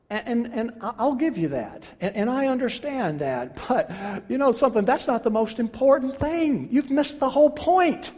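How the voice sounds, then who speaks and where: A man preaching a sermon, emphatic and rhetorical, repeating his questions and swinging between hushed and loud passages. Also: very high voice, animated, normal speed, few pauses. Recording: long reverb of a large hall.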